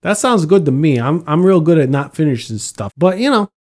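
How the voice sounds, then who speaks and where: A man's voice: a little high, very animated, fairly quick, a little mellow. A man in casual conversation, laid-back, laughing often and swearing freely. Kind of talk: casual podcast chat.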